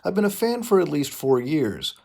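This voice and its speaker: A nervous young male superfan, timid and gushing, with a gravelly edge to his voice, as a man reads him aloud. He sounds eager and a little shaky, in a comedic fan-fiction reading. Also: a little high, very animated, moderate pace, warm tone, full character voice.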